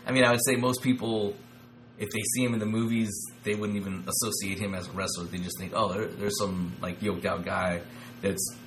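A man co-hosting a casual podcast, talking in a measured, low-key way with some stammering. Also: level tone, noisy background. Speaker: podcast co-host. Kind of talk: casual wrestling podcast chat.

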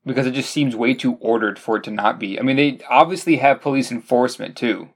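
Hesitant man in a movie chat. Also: medium pitch. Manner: measured, hesitant, restarts often. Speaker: podcast co-host. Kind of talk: casual movie review chat.

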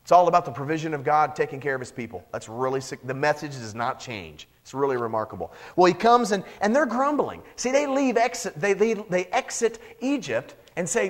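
A male pastor preaching a lively sermon, joking and acting out the people in the Bible story. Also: high voice, normal speed, hardly any pauses. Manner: animated, joking, acts out Bible characters.

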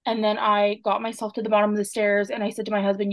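A woman's voice: mid-range voice, level tone, quick pace, no echo. A woman in her twenties from Canada, a nurse, telling her personal story as a podcast guest in an earnest, emotional way. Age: 20s. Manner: earnest, emotional retelling with quoted dialogue.

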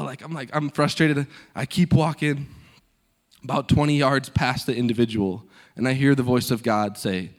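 A young man preaches as a guest speaker from a church stage, telling his story with animated energy. He acts out each person's lines as he goes. His voice sits at an ordinary middle pitch. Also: brisk. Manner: animated storyteller acting out dialogue. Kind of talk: sermon storytelling.

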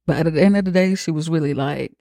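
A podcast host giving a comic, profane recap of a film, acting out the characters' lines with lively swings. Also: mid-range voice, fast, vocal fry, no echo, studio quality. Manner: profane, animated retelling with acted-out quotes.

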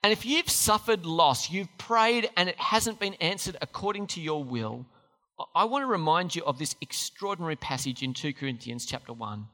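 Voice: medium pitch, animated, normal speed, pushed and bright. A preacher giving a sermon, speaking with emphasis and putting questions to the listeners. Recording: long hall reverb.

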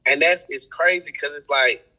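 A young man telling stories in a casual podcast chat, animated and full of slang. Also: fairly high pitch, moderate pace, rough recording. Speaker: event host and promoter.

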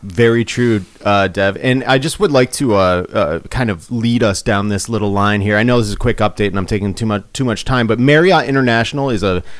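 Rambling, animated man hosting a chat. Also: on the low side, brisk, hardly any pauses, no echo. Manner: rambling, animated, laughs often, many restarts. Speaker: podcast host. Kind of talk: casual comedic chat.

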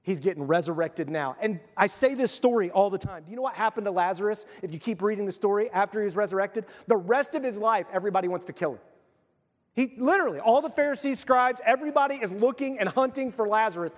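A male pastor preaching a casual, animated sermon and acting out quotes. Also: high-pitched, fast, big-room sound.

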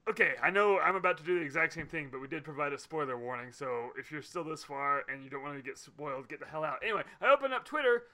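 A man co-hosting a casual podcast chat, venting in an excitable, animated way. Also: fairly high pitch, fast, hardly any pauses. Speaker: podcast co-host.

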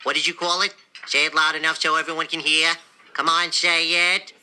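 A man's voice: fairly high pitch, flat delivery, brisk, bright, forceful tone. A man voicing a spoiled, sneering rich young cartoon nephew with a nasal, mocking drawl, heard as a clip from a cartoon show. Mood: sneering mockery.

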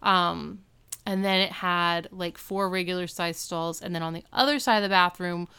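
A woman's voice: fairly low pitch, fairly even intonation, normal speed, sharp tone, clean tone. A woman co-hosting a podcast, recapping a TV episode in casual chat, talking loosely with lots of "like.". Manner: chatty, heavy use of "like". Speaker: podcast co-host.

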